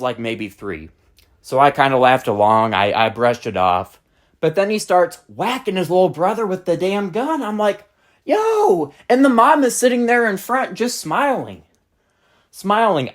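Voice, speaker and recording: Exasperated ranting storyteller, lively pitch. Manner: exasperated, blunt, profane ranting. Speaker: channel host. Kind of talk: storytime rant.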